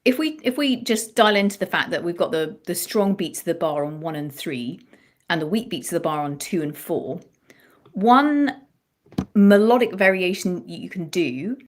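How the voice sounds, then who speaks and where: A woman's voice: medium pitch, lively intonation, normal speed. A woman songwriting coach explaining melody writing in a thoughtful live-stream chat, often restarting her phrases.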